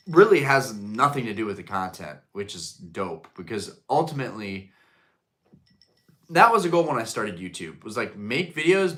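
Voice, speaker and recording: Here a young adult guy runs a live stream, his voice at a medium pitch, tossing out casual profanity while he reads viewers' messages aloud.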